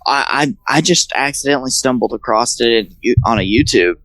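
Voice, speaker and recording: A man co-hosting a casual podcast chat, animated and quick to act out quotes in silly voices. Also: mid-range voice, over a noisy crowd, poor audio. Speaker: podcast co-host.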